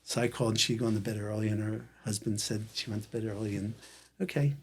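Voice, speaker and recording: A man's voice: lowish voice, fast talker, breathy edge. A man telling a long personal story in casual conversation, acting out the lines of the people in it. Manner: animated storyteller acting out quoted dialogue. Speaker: guest.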